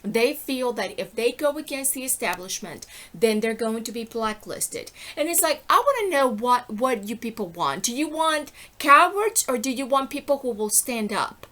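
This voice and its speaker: A woman's voice: on the high side, lively intonation, normal speed, hardly any pauses, bright, forceful tone. A middle-aged woman giving an impassioned, rambling personal monologue, indignant and often breaking off to ask "okay?". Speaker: vlogger.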